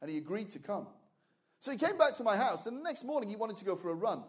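An older man, preaching and telling a personal testimony, his storytelling building to loud, fervent shouting. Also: high voice, very animated, quick pace. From England. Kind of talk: sermon testimony.

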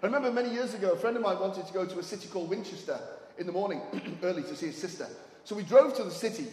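A man preaching a sermon in a church, telling stories quietly and then raising his voice to urge the congregation on. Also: high-pitched, expressive, very fast, slight background noise. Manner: swings from hushed storytelling to raised exhortation. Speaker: visiting preacher. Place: church hall. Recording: echoey hall, mic at a distance.

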